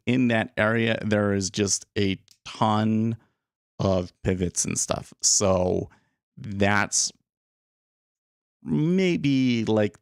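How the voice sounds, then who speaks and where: Thinking out loud on his live day trading stream, this host rambles through market commentary with casual self-deprecation. His voice is on the low side, captured in a dry recording with clean studio sound.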